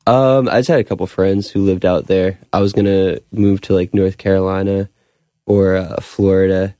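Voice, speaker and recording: A man's voice: low voice, steady tone, moderate pace, warm tone, dry recording. A man, a touring musician, guesting on a podcast with easygoing, brief answers. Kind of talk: interview chat.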